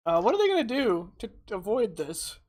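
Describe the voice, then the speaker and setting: Brisk male game master calling turns. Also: high voice, sing-song, a little mellow. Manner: brisk, joking, calls turns and rolls. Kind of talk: running a tabletop game.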